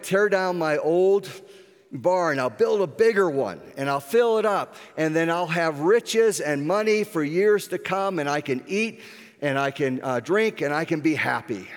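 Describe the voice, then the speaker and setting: A man's voice: a little high, moderate pace, voice pushed up, close to an everyday voice. A man doing a gloating rich farmer. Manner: excited, gloating. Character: boastful rich man gloating over his harvest. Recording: echoey hall with long reverb.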